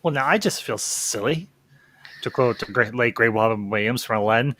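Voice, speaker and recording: A man's voice: medium pitch, moderate pace, bright, forceful tone, a little hiss or hum. A man hosting a casual livestream chat, folksy and chatty with frequent ums. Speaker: host.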